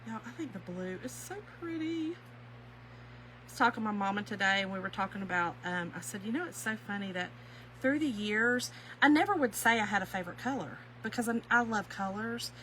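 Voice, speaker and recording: A woman's voice: medium pitch, fairly quick, slight background noise, rough recording. A woman with a Kentucky accent, hosting a chatty craft live stream, greeting viewers by name and laughing easily. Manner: folksy, warm-hearted chatter, often says y'all, laughs easily. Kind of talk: chatty craft tutorial, reading viewer comments.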